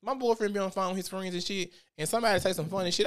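A man giving casual commentary on a vlog, animated and profane as he tells a story. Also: high-pitched, very fast. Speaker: vlogger.

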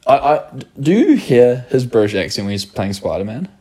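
A man's voice: mid-range voice, sing-song, normal speed, warm tone, slightly rough. A young man with a New Zealand accent, chatting casually as a podcast co-host, laid-back and swearing freely while slipping into mock voices. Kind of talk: casual chat.

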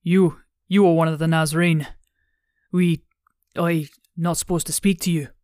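A woman voicing a frightened young man who has lost his memory, speaking in halting, stammering bursts in an audiobook. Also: deep voice, steady tone, a little mellow, dry recording, studio quality, natural voice. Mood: hesitant.

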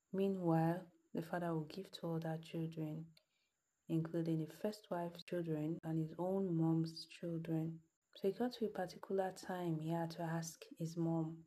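Woman host, low and husky, earnest storyteller who presses listeners with questions. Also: warm tone. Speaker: podcast host. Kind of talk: storytelling and motivational address.

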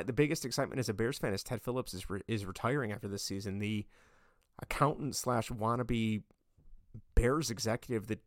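A man hosting a sports podcast, talking casually and getting worked up into loud rants. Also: medium pitch, no echo, studio quality. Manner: ranting, gets worked up and loud. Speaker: podcast host. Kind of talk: casual sports opinion monologue.

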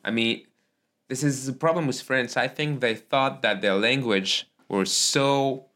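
A man whose first language is Arabic hosts a casual conversation, speaking English haltingly and often searching for words. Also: medium pitch, bright, forceful tone. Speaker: podcast host.

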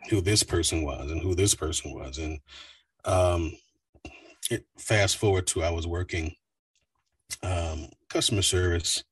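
A man's voice: low-pitched, measured pace, pauses often, husky, dry recording, far from the mic. A man, a voice actor, chatting casually in an interview, telling stories with plenty of fillers. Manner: relaxed, rambling storyteller with fillers. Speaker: voice actor guest.

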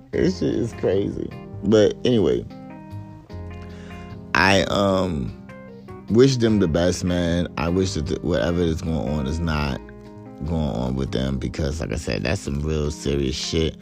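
A man with a deep, low voice hosts a solo podcast in a casual, meandering chat. He swears freely, stumbles over words and laughs often as he goes. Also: a little slow, vocal fry, pauses often, music in the background. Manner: rambling, profane, laughs often. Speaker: podcast host.

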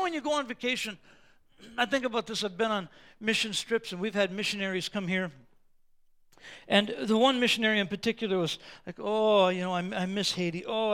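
A man preaching a sermon as the pastor, moving between quiet, conversational asides and loud, slow, emphatic declarations. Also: very high-pitched.

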